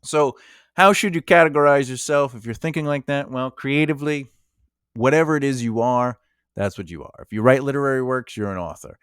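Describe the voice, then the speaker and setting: A man speaks casually to camera as a screenwriter offering writing advice, with a mid-range voice. He talks conversationally and slips into quick acted-out exchanges. The sound is dry and close, with no room around him. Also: medium pitch, a bit bright, clean tone, no room sound. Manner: conversational, acts out quoted exchanges.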